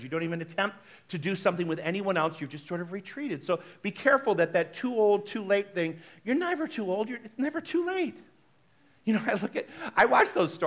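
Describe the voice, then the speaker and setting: High-voiced man preaching a lively sermon. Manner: conversational, animated, talks straight to the congregation. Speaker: minister. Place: spiritual center service.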